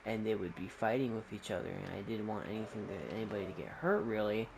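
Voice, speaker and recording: A man on a podcast talking about himself casually, halting and restarting often in an earnest way. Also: on the low side. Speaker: podcast co-host. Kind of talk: casual confessional chat. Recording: clearly noisy mic.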